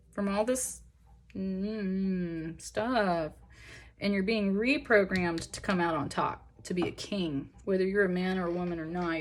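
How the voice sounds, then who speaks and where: Young woman, slightly low voice, tarot reader; earnest, emotional, encouraging, talks in loose rambling asides. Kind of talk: pick-a-pile tarot reading.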